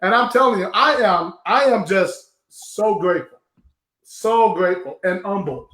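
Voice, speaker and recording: A man hosting a live online show, talking with loud, emotional enthusiasm. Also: high-pitched, a little slow, roomy sound. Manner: effusive, emotional, loud exclamations.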